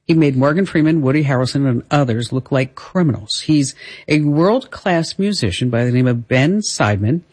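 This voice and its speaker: A woman's voice: very deep voice, expressive, moderate pace, a little mellow, breathy edge. A woman with a New Jersey accent hosting a radio talk show, upbeat and laughing easily as she reads ads and chats with guests. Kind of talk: casual chat with ad reads.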